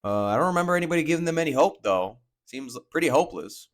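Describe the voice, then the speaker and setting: A man's voice: fairly high pitch, animated, quick pace. A man giving casual reaction commentary as a manga reaction host, chatty and musing as he thinks aloud.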